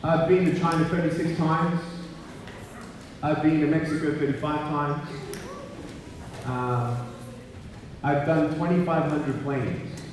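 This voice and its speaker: A man in his thirties tells funny stories to a crowd, his voice a little high for a man. He is a playful storyteller who acts out the voices in his stories. The sound is picked up from far off in a very echoey school gymnasium with a long reverb. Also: fairly even intonation, takes it slowly, pauses often, slight background noise. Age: 30s. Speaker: motivational speaker. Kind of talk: humorous motivational speech to a live audience. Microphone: handheld mic, recorded from far off in the hall. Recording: very echoey gym recorded from far off.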